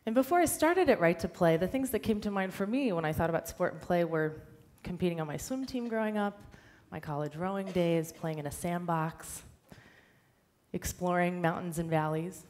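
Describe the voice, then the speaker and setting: A woman speaks on a stage in an earnest, measured prepared talk. Her voice sits a little low for a woman, and her delivery stays clear and steady. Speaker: director of a nonprofit, conference speaker. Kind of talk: prepared speech. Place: stage before a live audience.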